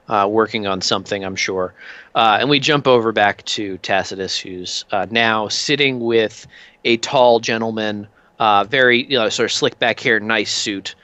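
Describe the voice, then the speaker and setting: A man's voice: fairly low pitch, bright, forceful tone, dry recording, muffled recording. A man narrating a tabletop game as game master, in a loose way with many fillers. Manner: loose, many ums and uhs.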